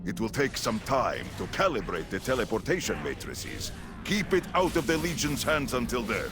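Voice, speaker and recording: A man's voice: mid-range voice, big pitch swings, moderate pace, music in the background. An actor playing a male commander who issues formal mission orders in a game. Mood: commanding.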